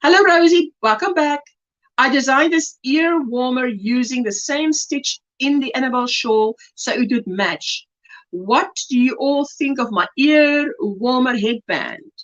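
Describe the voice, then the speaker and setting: Chatty South African woman, high voice. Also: fairly bright tone, highs cut off. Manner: chatty, reads viewer comments aloud with delight. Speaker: crochet livestream host. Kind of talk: casual livestream chat.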